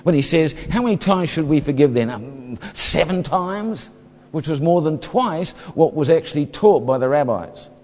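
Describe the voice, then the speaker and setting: A man's voice: fairly high pitch, lively intonation, normal speed, a little mellow. A man preaching a sermon, reading scripture and explaining it, briefly acting out voices from the story. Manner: expository, acts out the parable's voices. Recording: hall reverb.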